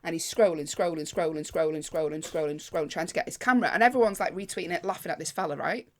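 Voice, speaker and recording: Woman, bit low voice, chatty comedy podcast storytelling. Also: fast talker. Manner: lively anecdote-telling, acts out other people. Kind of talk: casual storytelling chat.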